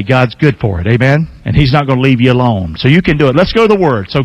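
A man's voice: on the high side, dry recording, muffled recording. A man in his sixties, a pastor preaching a folksy, emphatic sermon with call-and-response to his congregation.

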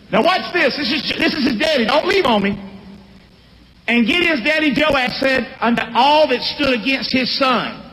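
Animated preacher in a reverberant hall. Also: male voice, very high-pitched. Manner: animated, call-and-response with congregation. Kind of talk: sermon.

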